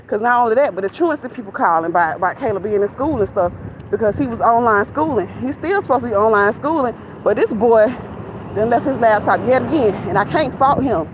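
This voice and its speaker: A woman's voice: fairly high pitch, expressive, brisk. A young woman, rambling casually and candidly to viewers while out of breath on a walk. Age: young adult. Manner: chatty, candid, venting to viewers. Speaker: vlogger. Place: outdoors near a shopping center. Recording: lo-fi phone audio, traffic noise.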